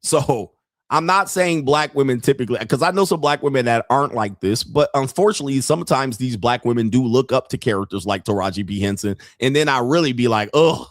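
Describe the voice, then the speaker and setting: A man's voice: mid-range voice, a little fast, no room sound, studio quality. Blunt, profane man ranting on a podcast. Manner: blunt and profane, mocking, with frequent laughs. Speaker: podcast host and dating commentator. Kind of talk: casual podcast rant.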